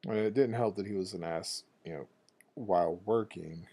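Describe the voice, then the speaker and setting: A man's voice: sits low, moderate pace, warm tone. A man streaming a video game and telling a loose, profane anecdote in casual talk. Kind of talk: casual rambling anecdote over gameplay.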